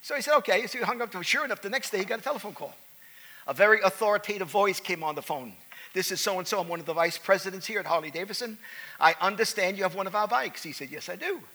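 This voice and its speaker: A man preaching a sermon, telling a story and building to loud, fervent preaching. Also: high-pitched, quick pace.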